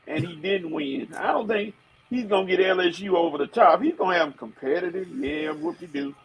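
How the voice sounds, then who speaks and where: High-voiced male coach, dismissive and scoffing, crowd noise clear behind him. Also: poor audio. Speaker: coach, sports show panelist. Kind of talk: casual sports debate.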